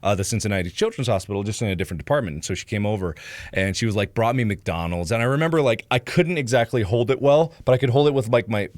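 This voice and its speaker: A young man from Ohio telling a rambling story on a livestream, full of fillers and acting out loud yelps. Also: lowish voice, animated, fast talker, no echo, studio quality. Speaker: streamer.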